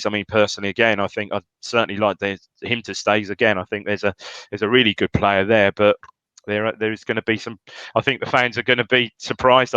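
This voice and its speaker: Male podcast co-host, casual chat, rambling, restarts a lot, lowish voice, dry sound. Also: pushed and bright, clean tone, no room sound, dull audio. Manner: rambling, many restarts and fillers.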